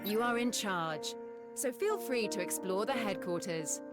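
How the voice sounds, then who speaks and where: A woman voicing a calm career-mode tutorial guide in a racing game, giving measured instructions. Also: mid-range voice, natural voice. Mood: instructive. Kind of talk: scripted instructional voice-over. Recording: game audio with loud music behind.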